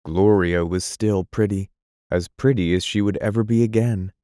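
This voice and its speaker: Male audiobook narrator, deep voice, dark mellow tone, dry close-mic sound. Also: steady tone, normal speed, no room sound. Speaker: audiobook reader. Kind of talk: scripted narration.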